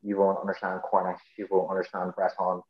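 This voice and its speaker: A man with a Northern Irish accent talks casually as a podcast guest, his voice sitting on the low side. He explains things patiently, full of ums and restarts. The recording is roomy and a bit dull, like a lo-fi home setup. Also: monotone, a little fast. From Northern Ireland. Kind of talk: casual conversation.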